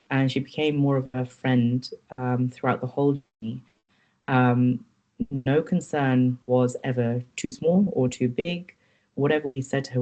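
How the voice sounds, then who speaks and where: A woman speaks as a podcast guest, sharing her experience in an earnest, candid way. Her tone is reflective and sincere, and she pauses now and then to find her words. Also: very deep voice, warm tone, rough recording. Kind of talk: personal account in interview.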